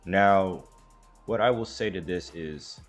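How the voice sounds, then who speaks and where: A man's voice: low-pitched, slow, faint music behind. A man hosting a reaction commentary, talking in a rambling, hesitant way with emphatic restarts. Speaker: commentary host.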